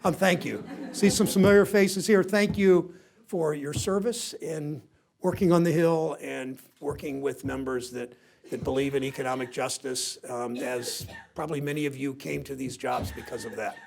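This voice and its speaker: Raspy gravelly man, sixties, ohio accent, rambles through a keynote with stories, lots of restarts. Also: on the high side, normal speed, a little mellow. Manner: rambling, self-deprecating storyteller with many restarts. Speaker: senator giving keynote. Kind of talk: informal keynote speech with anecdotes. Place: briefing room before a seated audience.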